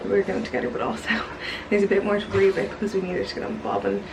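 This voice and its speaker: A woman's voice: mid-range voice, animated, quick pace, reverberant, recorded from a distance. A young Irish woman vlogging in a casual, rambling way, with lots of "like" and "literally". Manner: chatty, rambling, fills talk with "like" and "literally". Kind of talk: casual chat to camera. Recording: noisy background ambience.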